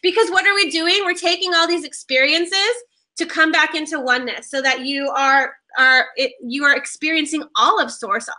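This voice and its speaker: A woman hosting a loose spiritual conversation, her voice high and piercingly bright. She talks in an animated way, restarts her sentences often and swears casually. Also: moderate pace. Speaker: podcast host.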